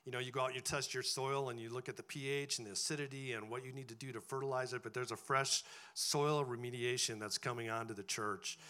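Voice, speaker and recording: A man's voice: mid-range voice, fairly even intonation, fast, hardly any pauses, sharp tone. A man preaching a sermon to a church congregation in a conversational style, often checking in with a rhetorical "right?". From farming background.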